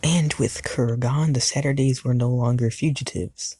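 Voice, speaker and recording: Guy doing a cartoon recap, gravelly and a bit husky, tosses in jokes at the viewer. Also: medium pitch, moderate pace, no room sound. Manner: playful, with jokey asides to the viewer; grows louder and more animated in the climax. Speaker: YouTube reviewer. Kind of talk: cartoon series recap narration.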